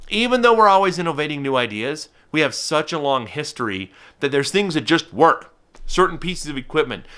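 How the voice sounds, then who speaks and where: A man giving a teaching talk to camera as a falconer, his voice bright and ringing and his pitch sitting a little high. He is animated, stops and restarts often, and now and then slips into playful silly voices.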